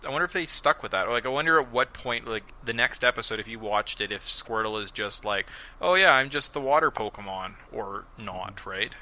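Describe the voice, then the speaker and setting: A man hosting a casual podcast, recapping episodes with sarcastic, animated storytelling and mocking quoted voices. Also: on the low side, fairly quick, few pauses, slight background noise, poor audio. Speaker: podcast host.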